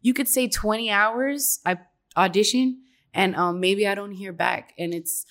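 A woman's voice: medium pitch, unhurried, a bit bright. Female actress guest, casual chat, giggly, rambling storyteller.

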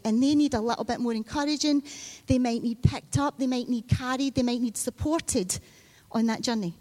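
A woman preacher gives a sermon in a conversational storytelling manner, acting out children and Bible figures. Her voice is high and mellow at a moderate pace.

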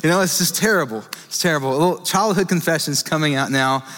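A young man in his twenties with a drawl gives a casual, self-deprecating sermon, chatting with the room as he goes. His voice is fairly high and bright. It rings out with a long reverb from a large hall. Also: fast. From Texas. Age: 20s. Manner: joking, self-deprecating, talks to the crowd. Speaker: young adult ministry pastor. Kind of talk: casual sermon to a live group. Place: church meeting hall.

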